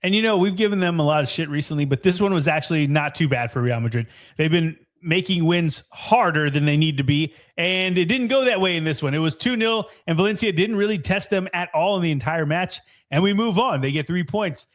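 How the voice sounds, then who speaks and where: A man co-hosting a soccer podcast, reviewing matches in an excitable, casual way and swearing freely. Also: a little high, brisk, hardly any pauses. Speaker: podcast co-host.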